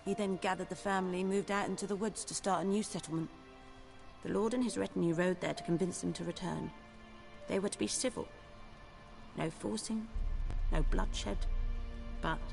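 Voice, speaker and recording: A weary village woman speaks in a gravelly, measured tone, recounting events with quiet resignation. Clear game music plays behind her. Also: lowish voice. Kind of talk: game voice acting.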